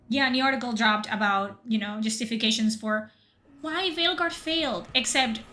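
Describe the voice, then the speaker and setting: Girl streamer ranting about a game, bright high-ish voice, sarcastic, swears a lot. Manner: sarcastic, rambling, swears freely. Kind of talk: live gameplay commentary. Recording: game music underneath.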